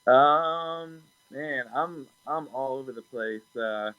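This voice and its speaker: Relaxed, bright-voiced man on a call. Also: mid-range voice, slow, no room sound, low-quality recording. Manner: relaxed, hesitant with many ums and restarts. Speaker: production assistant and music producer. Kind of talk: casual interview over a call.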